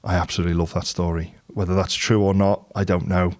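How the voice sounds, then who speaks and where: A middle-aged man talks straight to camera about business, in a candid, storytelling way. His voice sits on the lower side, and the talk is unscripted and conversational. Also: flat delivery, fast. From England. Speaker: business and property coach.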